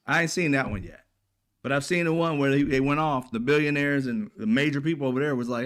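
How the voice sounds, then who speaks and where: A man hosting a casual political commentary, talking bluntly with profanity and animated asides, often acting out what other people might say. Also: on the high side, quick pace. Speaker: commentary channel host.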